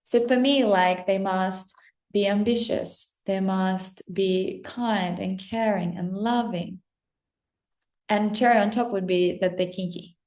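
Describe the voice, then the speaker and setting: A woman's voice: mid-range voice, steady tone, takes it slowly, darkish tone, roomy sound. A young woman coach giving a passionate, blunt motivational talk straight to her audience, swearing freely. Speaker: self-help coach. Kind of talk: direct-to-camera motivational talk.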